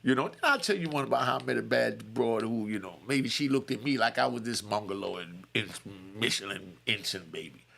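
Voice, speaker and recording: A middle-aged man casually telling a raw, blunt personal story in street slang, jumping up high for quoted voices and asking "you know what I mean" again and again. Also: animated, brisk, creaky, hardly any pauses, a bit bright.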